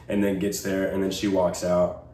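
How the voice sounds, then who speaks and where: A man's voice: low voice, completely flat delivery, moderate pace, warm tone. A young man chatting casually as a podcast co-host, telling a rambling story full of fillers and swearing. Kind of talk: casual chat. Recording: roomy, distant mic, faint noise.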